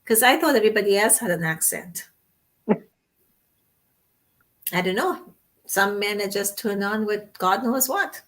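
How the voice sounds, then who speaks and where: A chatty woman host with a Trinidadian accent, animated and full of stories. She laughs easily and keeps the conversation rolling. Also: medium pitch, unhurried, long pauses. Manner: animated, chatty storyteller who laughs often. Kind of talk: casual chat.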